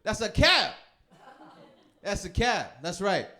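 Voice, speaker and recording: A man in his thirties performs a stand-up comedy set with a fairly high voice. He tells stories in a loose, laughing way and jumps quickly into other people's voices. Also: big pitch swings, pushed and bright.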